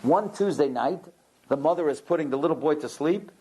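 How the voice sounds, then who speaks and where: A man's voice: a little high, expressive, a little fast, warm tone, slightly rough. A man giving a religious lecture, telling a story dramatically and acting out the people in it. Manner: dramatic storyteller who acts out characters. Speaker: rabbi lecturer.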